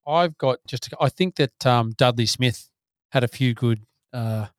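A man co-hosting a podcast with relaxed, brief remarks in casual chat. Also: medium pitch, unhurried, dry recording, studio quality. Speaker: podcast co-host.

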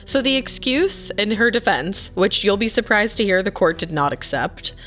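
A woman's voice: mid-range voice, expressive, a bit bright, soft background music. A woman co-hosting a podcast, reacting playfully and counting down odd crime stories. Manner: playful, quick reactions, teasing. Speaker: podcast co-host. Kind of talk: casual true-crime chat.

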